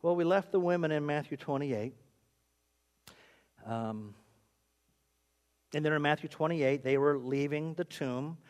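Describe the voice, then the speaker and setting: A man preaching a sermon as pastor, animated and repetitive, with self-mocking humor. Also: a little high, a little slow, long pauses.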